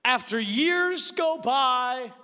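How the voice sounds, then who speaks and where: A male pastor, animatedly telling a personal story as he leads into his sermon in a church. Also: very high voice. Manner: animated storyteller, quick asides. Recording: long reverb of a large hall.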